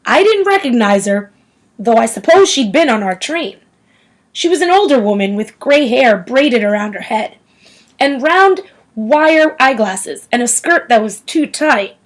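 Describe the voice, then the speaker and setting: Expressive woman reading a novel aloud. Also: a little high, measured pace, rough recording. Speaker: audiobook reader.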